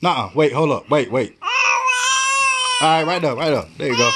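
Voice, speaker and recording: A young father coaxing his baby to crawl, playful and teasing, dipping low and jumping into high baby talk. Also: huge pitch swings, a little slow, long pauses, pushed and bright, slight background noise.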